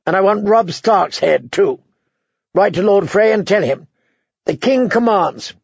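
A man's voice: expressive, unhurried, creaky, a little mellow, breathy edge, dry recording, full character voice. A man voicing a petulant, cruel teenage boy king who whines and demands, on a dull, dry audiobook recording. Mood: petulant demanding. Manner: shrill, whiny, demanding.

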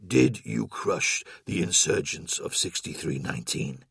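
A man voicing a fatherly supreme male war lord who speaks softly and slowly. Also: extremely low pitch, sing-song, gravelly, slightly rough, no echo, clean studio sound, pitched below the performer's own voice, full character voice. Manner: soft, slow and measured.

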